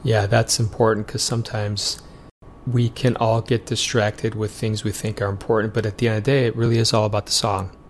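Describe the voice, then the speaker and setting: A man's voice: lowish voice, little pitch movement, fairly quick, a little hiss or hum. A man hosting an interview, asking questions and agreeing with his guest in an encouraging way. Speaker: interview host. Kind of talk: casual interview talk.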